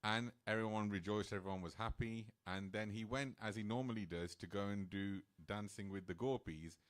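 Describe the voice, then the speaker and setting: A man's voice: fairly low pitch, steady tone, normal speed. A man speaking as a temple speaker, telling a sacred story in a casual, chatty sermon style. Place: temple hall.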